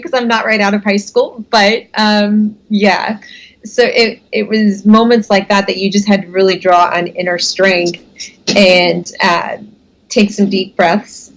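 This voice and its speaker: A woman's voice: medium pitch, little pitch movement, unhurried, poor audio. Candid, laughing American woman guest. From United States. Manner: self-deprecating, laughs often. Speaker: interview guest. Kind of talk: candid conversational storytelling.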